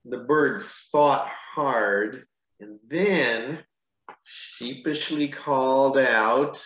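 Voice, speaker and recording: A man, a pastor, reading a picture book aloud to children, with gentle, chatty asides between pages. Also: medium pitch, extremely slow. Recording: echoey room, dull lo-fi sound.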